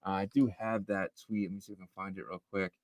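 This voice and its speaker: A man's voice: sits low, flat delivery, quick pace, no echo, studio quality. A man co-hosting a casual crypto livestream, reading news and viewer comments aloud with lots of fillers. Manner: reads tweets and news aloud with frequent fillers. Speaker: livestream co-host.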